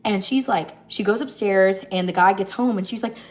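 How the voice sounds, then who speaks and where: A woman hosting a casual livestream, telling the story of a movie while she cooks and acting out the characters' lines with lively energy. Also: medium pitch, moderate pace. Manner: animated storytelling, jumps between narrating and acting out lines. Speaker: livestream host. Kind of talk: casual chat retelling a movie while cooking.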